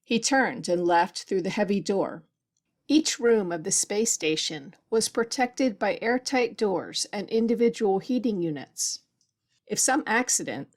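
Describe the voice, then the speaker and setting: A woman narrating a science fiction story as an audiobook, with a mid-range pitch for her sex. She keeps a steady, even storytelling pace throughout. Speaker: audiobook reader.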